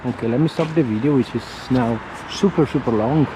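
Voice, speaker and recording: A man casually vlogging while he walks around town, halting and searching for his words. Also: medium pitch. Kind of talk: casual walking vlog talk. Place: outdoors on town streets. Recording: outdoor street with passing traffic.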